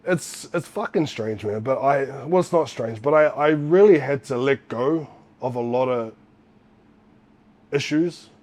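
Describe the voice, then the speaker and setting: Swearing New Zealand ex-fighter telling stories. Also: male voice, medium pitch, unhurried. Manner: animated, swears often, acts out quotes. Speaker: guest, former fighter. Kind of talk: casual storytelling.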